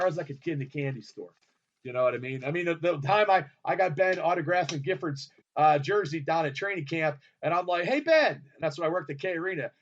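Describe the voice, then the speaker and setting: A fairly high-voiced man hosts an internet radio show, rambling loudly through a story. He swears freely, trails off and starts his sentences again. The audio is dull and lo-fi, as if from a home studio. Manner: excitable, loud and profane, often trailing off and restarting.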